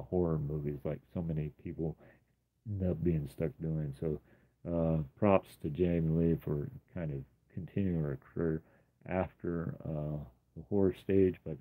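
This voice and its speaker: A man casually walking through his sketchbook, rambling with many ums and uhs. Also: low-pitched. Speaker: artist showing his sketchbook. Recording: tinny phone-like sound.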